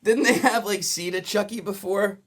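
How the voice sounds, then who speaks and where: A man's voice: high voice, moderate pace. A man from New Jersey co-hosting a casual comedy podcast, joking and laughing a lot. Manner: lively, jokey, laughs a lot. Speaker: podcast co-host.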